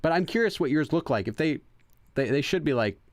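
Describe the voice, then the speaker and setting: A man's voice: on the high side, animated, a little fast, no room sound. Chatty, rambling male game streamer. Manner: rambling and chatty, many fillers and self-corrections. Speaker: let's play host. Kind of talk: casual gameplay chat, translating game text.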